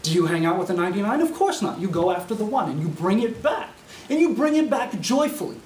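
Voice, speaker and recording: A man preaching a sermon as a student, telling a parable with lively storytelling and acted-out voices. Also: high-pitched, fast talker. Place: university classroom. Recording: echoey classroom, mic far off, faint hiss.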